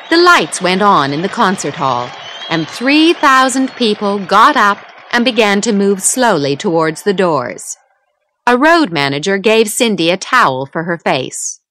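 Slow, bright-voiced woman reading a story. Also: medium pitch. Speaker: story reader. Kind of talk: scripted storybook narration.

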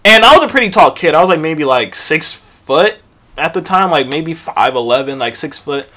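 A young man recounts a school story for his vlog, swearing freely and jumping into lively acted-out quotes. His voice sits a bit higher than most men's. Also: normal speed. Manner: profane, animated retelling with acted-out quotes. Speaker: vlogger.

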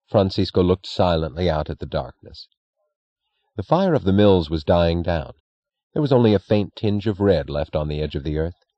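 A man narrating a novel as an audiobook in a measured, steady way. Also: deep voice, slightly rough, dry recording. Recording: dry, dull lo-fi recording.

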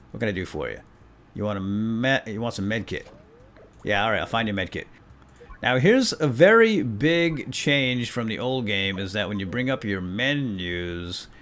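An excitable man gives gameplay commentary, his pitch leaping up and down all the time. He jokes around and reads the on-screen text aloud as he plays. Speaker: let's play host.

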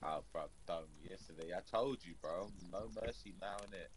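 Deep-voiced man with faint background noise. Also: brisk. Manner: slangy, swearing, says bro a lot. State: coughing, feeling rough. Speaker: fellow streamer. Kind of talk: casual chat on a live stream.

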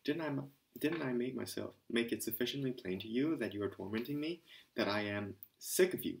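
A man's voice: medium pitch, animated, fairly quick, vocal fry. A man voicing a sick, irritable young man who pleads to be left alone in exasperation. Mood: irritated pleading. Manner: pleading, exasperated, rising into frenzy.

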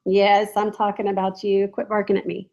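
A woman's voice: mid-range voice, completely flat delivery, normal speed, darkish tone, muffled recording. A woman chatting casually on a home live stream, giggling and reading viewer comments aloud. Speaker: reseller vlogger. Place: home, in a room with barking dogs.

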